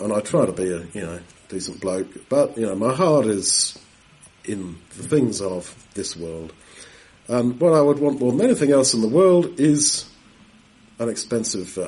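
A man preaching a sermon in a conversational Bible-teaching style, asking rhetorical questions and pausing to clear his throat. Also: mid-range voice, darkish tone.

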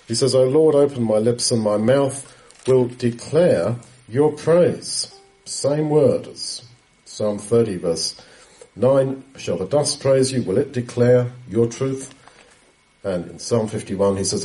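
Male preacher, dark mellow tone, steady explanatory sermon delivery. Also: on the low side, poor audio. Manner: unhurried, explanatory, quotes scripture often. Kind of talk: Bible teaching talk.

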